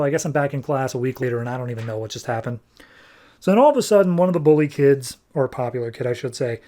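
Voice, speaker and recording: A man on a podcast casually recapping a comic book, animated and nitpicky, tossing off quick character lines as he goes. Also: mid-range voice. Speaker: podcast host.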